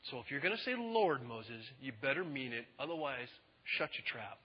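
A male preacher voicing an exasperated, demanding God who loudly rebukes a reluctant listener. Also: medium pitch, very animated, normal speed, breathy edge, dull audio, pitched below the performer's own voice. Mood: stern. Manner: loud, rebuking, insistent.

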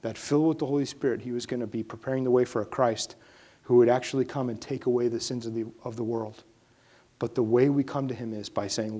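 A man delivers a church sermon in a middle-pitched voice. He drops to hushed, prayerful tones, then builds to loud, emphatic peaks. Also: fairly even intonation, fast talker. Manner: swings from hushed prayerful lines to rising, emphatic preaching. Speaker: pastor.

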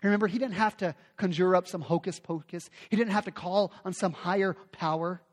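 A man's voice: sits high, fairly even intonation, a little fast. A man preaching a sermon with emphatic delivery, often repeating phrases for effect. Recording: long hall reverb.

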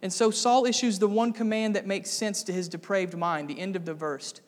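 A man preaching an expository sermon as pastor, emphatic, with sudden dramatic rises in pitch and volume. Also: fairly even intonation, moderate pace. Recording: long hall reverb.

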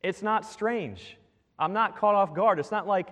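A man preaching with a lively, swinging delivery, his voice sitting a touch high for a man. He keeps firing rhetorical questions at the congregation. The sound carries a long reverb from the large church hall. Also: unhurried. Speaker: pastor. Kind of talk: sermon.

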